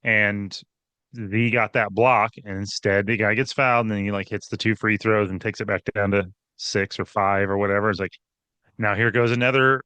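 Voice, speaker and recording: Male co-host, crisp clear voice, animated game breakdown. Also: lowish voice, moderate pace, no echo. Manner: animated, restarts often. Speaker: podcast co-host. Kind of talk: casual sports analysis chat.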